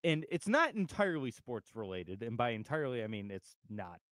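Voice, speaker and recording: A man's voice: medium pitch, big pitch swings, a little fast, a bit bright, dry recording. Laid-back male sports radio host. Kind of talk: casual on-air chat.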